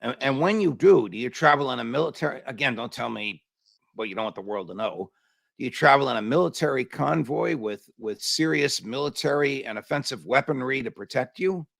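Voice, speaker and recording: A male show host asking probing interview questions, pausing often with fillers and restarts. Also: medium pitch, expressive, gravelly, fairly bright tone, dry recording.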